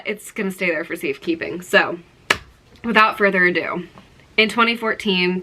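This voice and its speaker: Bright, gushing young woman vlogger. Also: medium pitch. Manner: gushing, breathless, full of fillers and exclamations. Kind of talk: excited storytelling to camera.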